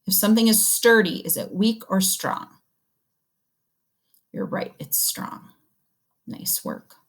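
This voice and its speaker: A woman teacher leads an early reading lesson, talking slowly and patiently. She sounds out short words letter by letter and cheers the children on warmly. Her pitch sits in a middle range. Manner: slow, encouraging, sounding words out.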